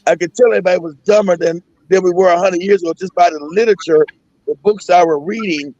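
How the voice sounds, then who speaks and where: A middle-aged man hosting a casual talk show rants emphatically, with plenty of profanity and repetition. His voice sits high and mellow, he talks fast, and the sound is dull and lo-fi with no echo.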